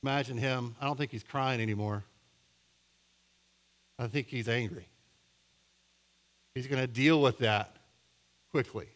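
A middle-aged male pastor preaching a sermon, telling a story with a voice that goes from hushed and low to loud and emphatic. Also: measured pace, pauses often.

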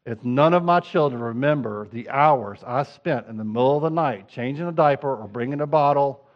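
A middle-aged man preaching a sermon as pastor, talking conversationally and moving between hushed asides and fervent appeals. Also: medium pitch, normal speed, lo-fi sound.

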